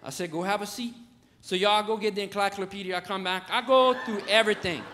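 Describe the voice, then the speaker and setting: A man's voice: high-pitched, steady tone, brisk, sharp tone. A middle-aged man with a Louisiana Cajun accent, telling folksy stand-up stories about his kids in a drawling, dialect-rich way. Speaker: stand-up comedian. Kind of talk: stand-up storytelling. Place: comedy stage before a live audience.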